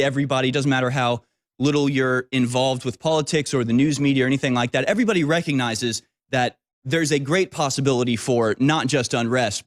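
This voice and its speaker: A man delivers a long, opinionated talk-show monologue of rambling, emphatic sentences broken by frequent filler pauses. His voice sits in an ordinary middle range for a man. The sound is close and completely dry, with no room echo. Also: mid-range voice. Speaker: political commentary host.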